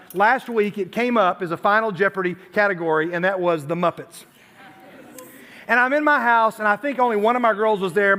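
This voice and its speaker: A man's voice: sits high, fairly bright tone. A man from Tennessee giving a youth sermon, chatty and storytelling, with self-deprecating asides. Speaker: youth pastor.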